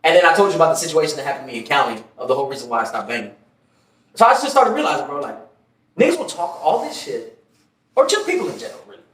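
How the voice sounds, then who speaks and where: A man co-hosting a podcast, telling stories in a casual, profane, animated way. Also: fairly high pitch, rapid-fire. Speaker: podcast co-host. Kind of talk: casual chat, storytelling. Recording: echoey room, mic at a distance.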